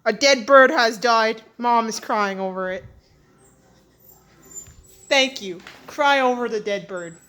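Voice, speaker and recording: A woman hosting a casual vlog, soft-spoken and wandering in her talk, chatting to her pets along the way. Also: fairly high pitch, takes it slowly, pauses often. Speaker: channel host. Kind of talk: rambling casual vlog chat.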